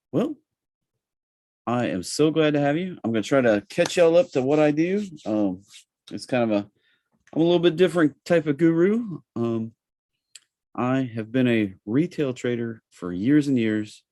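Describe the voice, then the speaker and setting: A man with a Southern accent hosting a live trading webinar, talking in a relaxed, chatty way with plenty of fillers. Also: fairly high pitch, normal speed, dry recording, studio quality. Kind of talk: casual live webinar presentation.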